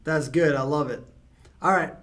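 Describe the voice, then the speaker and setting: Man, interview host and marketer, upbeat, affirming, slightly higher voice. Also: normal speed, a bit bright. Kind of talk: conversational business interview.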